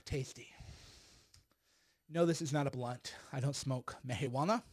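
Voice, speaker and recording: A man's voice: medium pitch, unhurried, slightly rough. A middle-aged man giving blunt, emphatic political commentary on a livestream while smoking a cigar.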